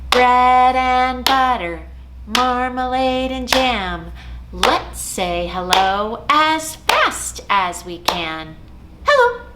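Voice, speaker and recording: A woman leading a children's storytime as a librarian, singing songs and chanting rhymes in a slow, sing-song way. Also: on the high side, noisy background. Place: library program recorded at home.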